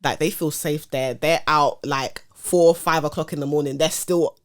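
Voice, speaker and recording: A young woman from England, co-hosting a podcast in relaxed, frank casual chat. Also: low voice, moderate pace. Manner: relaxed, frank, lots of fillers. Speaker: podcast co-host.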